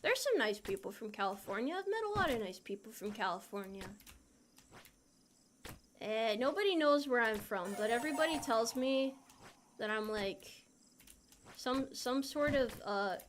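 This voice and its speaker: Speaking at a moderate pace with frequent pauses, a young woman streams a game as a VTuber and playfully answers her viewers' chat. Her voice is animated and on the high side, with a little hiss or hum in the recording.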